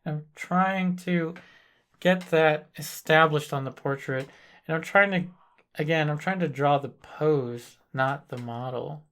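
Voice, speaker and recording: A man leads a painting lesson in a slow, unhurried delivery. His voice has a gravelly rasp, and he talks through each step calmly and deliberately, like someone working at the easel as he speaks. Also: on the high side. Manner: thinks aloud while working, calm and deliberate. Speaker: painting instructor. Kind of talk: live painting demonstration.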